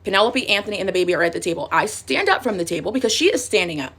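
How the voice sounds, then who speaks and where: A young woman vlogger telling a sassy, animated story while getting ready. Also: mid-range voice, racing, breathy edge.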